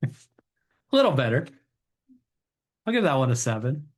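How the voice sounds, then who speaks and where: A middle-aged man hosting a casual show and reading jokes aloud in a relaxed, upbeat way with some fillers. He sits a little away from the microphone. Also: mid-range voice, normal speed. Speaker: podcast host. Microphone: table mic set away from the speakers.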